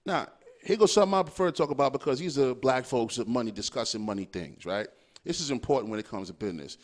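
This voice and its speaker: A man's voice: medium pitch, fast. A young adult man hosting a podcast, delivering a profane, casual monologue full of rhetorical questions. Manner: animated, swearing freely, riffing with rhetorical questions. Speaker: podcast host.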